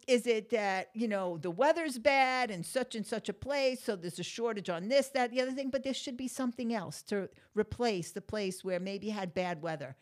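Blunt, ranting woman with a high voice. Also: animated, moderate pace, few pauses. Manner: blunt, swears freely, ranting with rising exasperation; conversational, chatty with fillers. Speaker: podcast host. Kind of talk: casual monologue rant.

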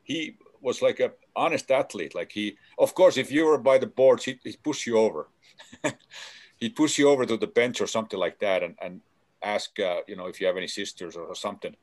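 A man with a low, easy voice swapping stories in casual conversation. He stops and restarts often, with plenty of fillers as he talks. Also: a little mellow. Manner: halting, many fillers and restarts. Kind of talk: casual chat.

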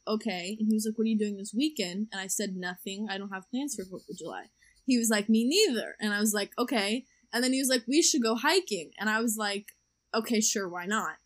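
A young woman telling a dating story in a casual podcast chat, chatty and laughing often. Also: mid-range voice. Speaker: podcast co-host.

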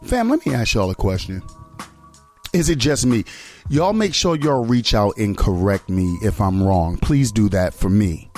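A male radio host delivers an indignant, profanity-laced rant. His pitch swings widely as he fires off one rhetorical question after another, and faint music plays underneath. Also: animated, measured pace, darkish tone. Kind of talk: ranting commentary on a video clip.

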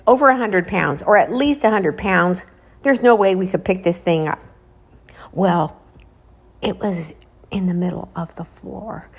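A woman telling a spooky story casually while out walking, dropping to a hushed whisper at the tense parts. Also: mid-range voice. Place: outdoors, walking.

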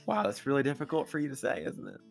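A man's voice: fairly high pitch, sing-song, quick pace, vocal fry, soft background music. A man co-hosting a podcast in casual chat, with a dry, teasing manner. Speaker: podcast co-host.

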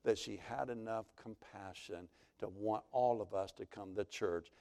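A man's voice: on the low side, a little slow, gravelly, mellow. A male pastor, preaching a sermon as dramatic storytelling.

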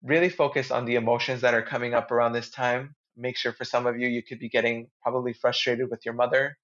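A man in a relaxed podcast conversation, speaking as a guest astrologer. He sounds earnest and heartfelt, with a middle-pitched voice and casual slang. The audio is muffled and lo-fi. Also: fast.

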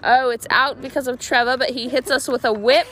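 A young woman giving fast, giggly play-by-play of a casual pickleball game outdoors. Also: sits high, fairly even intonation, fairly bright tone, slight background noise. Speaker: amateur game announcer. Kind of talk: playful play-by-play commentary.

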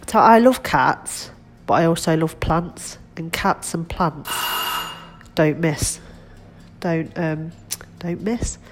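A middle-aged woman vlogs casually from her home kitchen, sounding nasal and congested from a cold. She's chatty, rambling and self-deprecating, speaking slowly in a low voice with lively intonation over some background noise.

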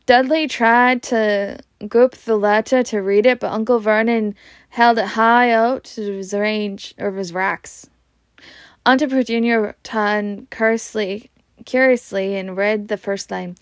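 A woman's voice: mid-range voice, steady tone, takes it slowly, no echo. A woman reading a novel aloud, often stumbling over words and restarting. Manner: stumbling, frequent restarts, self-laughing. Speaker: amateur reader.

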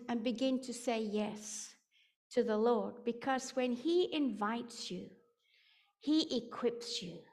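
A woman preaching a sermon, telling a personal story with dramatic build-ups that rise to shouting. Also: high-pitched.

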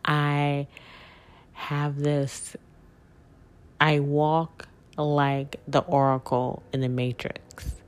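A woman with a very deep, flat voice hosts her own podcast and talks slowly about what matters to her. She rambles warmly and sincerely, often circling back with fillers and self-corrections. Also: smooth. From southern United States. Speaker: podcast host. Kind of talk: casual personal monologue.

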